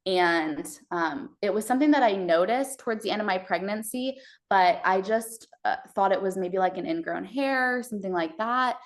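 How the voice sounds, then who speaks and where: A woman from Texas, a podcast guest, telling her birth story in a casual, halting way with many fillers and restarts. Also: mid-range voice.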